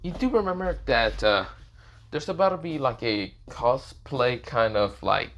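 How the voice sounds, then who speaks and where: A man's voice: medium pitch, lively intonation, unhurried, a bit bright, highs cut off. A man voicing a rambling pushy young schoolmate. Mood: hesitant. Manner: hesitant, rambling with lots of fillers. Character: pushy pleading young male student friend.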